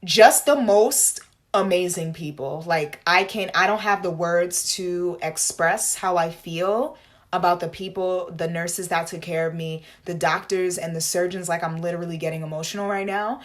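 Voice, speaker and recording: A young woman talking straight to camera in a casual storytime vlog. She fills her speech with "like" and slangy asides. When she reenacts a scene, her voice leaps up into high, dramatic quoted lines. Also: a little slow. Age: young adult. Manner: animated, dramatic retelling with bursts of high acted quotes; frequent fillers like "like" and slangy asides. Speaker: vlogger.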